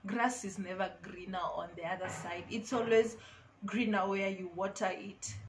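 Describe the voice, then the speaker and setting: A woman's voice: mid-range voice, fairly even intonation, moderate pace, noisy background. A woman vlogger giving casual, emphatic advice to camera, repeating her key phrases.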